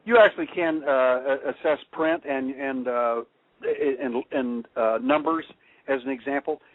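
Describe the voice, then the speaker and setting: A man's voice: medium pitch, no room sound. Man telling stories over a tinny phone line. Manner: halting, many fillers and restarts, chuckles while telling stories. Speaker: guest expert on handwriting analysis. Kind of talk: rambling anecdotal storytelling.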